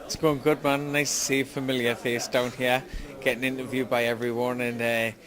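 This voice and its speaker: A young man with a Geordie accent from Newcastle, speaking slowly and carefully in an interview. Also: medium pitch, flat delivery. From Newcastle, England. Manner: slow, careful speech, tries to sound articulate. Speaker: fighter. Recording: crowd noise behind.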